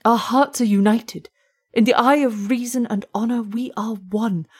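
A woman's voice: a little high, steady tone, unhurried, slightly rough, voice pushed up. A woman voicing an earnest young student. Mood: earnest pleading. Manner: earnest, pleading, turns to frantic shrieks. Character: young male student, passionate idealist.

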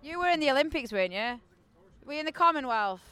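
Bright high-voiced playful quizmaster. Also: lively intonation, fast talker. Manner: playful, teasing, quiz-style questioning. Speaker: interviewer and quizmaster. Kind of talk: casual festival interview. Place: outdoors at a festival.

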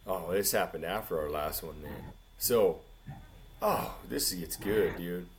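A man co-hosting a casual podcast, telling a rambling story in an animated way and saying "dude" constantly. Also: low-pitched, takes it slowly, a little hiss or hum. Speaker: podcast co-host.

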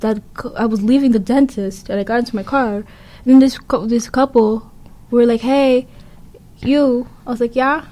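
A woman's voice: a little high, fairly even intonation, moderate pace, warm tone. A young woman telling stories in casual chat, rambling and giggly.

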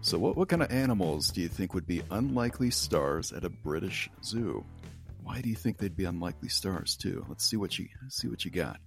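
Gravelly-voiced joking man hosting a podcast. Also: low-pitched, lively intonation, a little fast, faint music behind. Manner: jokey, laughs often, reads headlines. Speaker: podcast host. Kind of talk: casual podcast chat.

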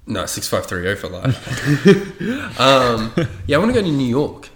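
A man's voice: mid-range voice, wildly swooping pitch, measured pace, a bit bright, slight background noise. A young man chatting casually as a podcast co-host, laid-back and swearing often. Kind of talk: casual chat.

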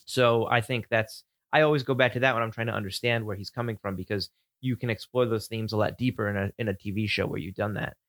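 Man, casual film chat, thoughtful, halting, dry close-miked sound. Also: fairly low pitch, steady tone, fairly bright tone, dry recording. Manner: thoughtful, halting, many restarts while explaining. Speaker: podcast co-host. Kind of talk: casual chat about films.

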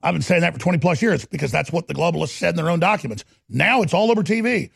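A man's voice: on the high side, fast, vocal fry, slightly rough, dry recording, clean studio sound. A man hosting a political talk show, ranting in a heated, sarcastic way. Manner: ranting, sarcastic, slips into mocking impressions.

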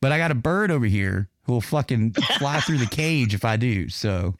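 A man's voice: mid-range voice, animated, normal speed, dry recording, clean studio sound. A man hosting a live online radio show, ranting and swearing angrily about his computer trouble. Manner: profane, angry ranting. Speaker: host.

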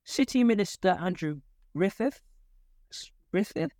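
A man's voice: sits high, lively intonation, unhurried, mellow, no room sound, studio quality. A young man co-hosting a casual podcast, rambling and laughing as he talks. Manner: rambling, self-interrupting, laughs often. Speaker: podcast co-host.

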